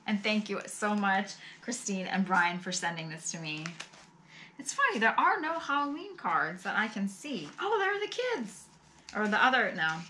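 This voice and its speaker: Bright-voiced woman gushing over vintage mail. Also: mid-range voice, a little hiss or hum. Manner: gushing and exclamatory; often sighs and laughs softly. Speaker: vlogger opening fan mail. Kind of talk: casual chat.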